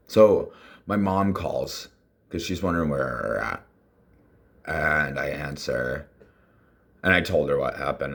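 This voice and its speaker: A man's voice: extremely low pitch, slow, long pauses, fairly bright tone. A man casually telling a personal story, rambling with fillers and acting out what people said.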